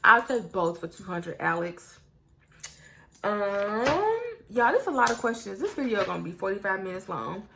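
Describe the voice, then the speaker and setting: Gravelly-voiced woman vlogger. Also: mid-range voice, normal speed, background noise. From United States. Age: young adult. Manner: candid and blunt, swears freely. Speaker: YouTuber. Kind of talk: casual get-to-know-me Q&A.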